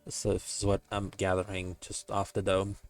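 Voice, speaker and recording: A man with a fairly low voice streaming a game and chatting casually as he reads. His commentary is joking and loose, with offhand swearing. It sounds like relaxed, unscripted stream talk. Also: moderate pace, soft background music.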